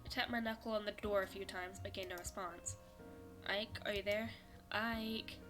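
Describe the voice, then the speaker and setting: A young woman streaming a visual novel, reading the story and her character's lines aloud and breaking into animated, laughing reactions. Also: medium pitch, normal speed, over music. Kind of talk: reading a game script aloud with commentary.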